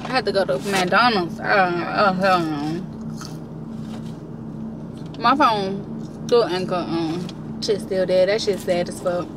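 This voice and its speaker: A woman's voice: fairly low pitch, takes it slowly, long pauses. Chatty, cursing young woman vlogging on a phone. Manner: chatty and profane, venting frustration. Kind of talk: casual vlog chat. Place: car, then a large home decor store. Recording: noisy phone recording with traffic and store sounds.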